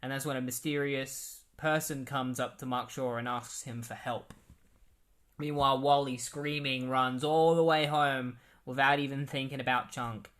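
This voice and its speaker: A man talks through comic book plots in a loose, casual recap. His delivery rambles and leans heavily on fillers. His voice sits at a middle pitch for a man. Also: fairly even intonation, moderate pace, fairly bright tone.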